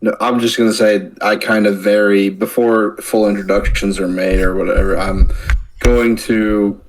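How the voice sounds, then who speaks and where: A man playing in a tabletop game, laid-back and low-key. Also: little pitch movement, moderate pace, poor audio. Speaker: player. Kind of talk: casual tabletop play.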